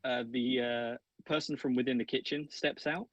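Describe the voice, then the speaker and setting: A man's voice: mid-range voice, steady tone, normal speed, fairly bright tone, no room sound, muffled recording. A man narrating a tabletop game as game master, casual and full of fillers. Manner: casual, filler-heavy, rambling.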